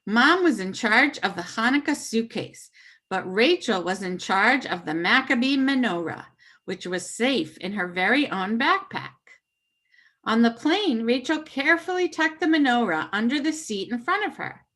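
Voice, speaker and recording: A woman reading a children's story aloud with puppets, expressive and animated. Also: on the high side, moderate pace.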